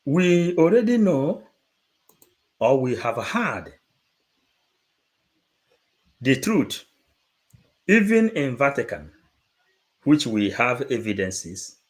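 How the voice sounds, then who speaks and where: A man, giving an unscripted livestream talk, halting and repeating words, then rising into emphatic bursts. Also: medium pitch. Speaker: livestream presenter.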